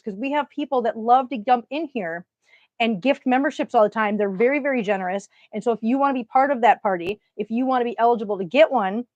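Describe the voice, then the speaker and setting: A woman's voice: a little high, no echo. Woman, Minnesotan accent, livestream host, chatty, greets viewers, dull lo-fi sound. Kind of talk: casual livestream chat.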